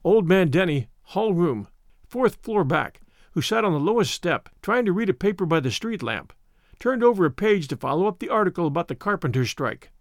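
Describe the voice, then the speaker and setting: A man narrates a classic short story with wry, expressive delivery and a fairly high voice that swings widely in pitch. The recording is dry and close, with no room sound. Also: normal speed, dry recording. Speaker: audiobook narrator. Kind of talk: scripted narration.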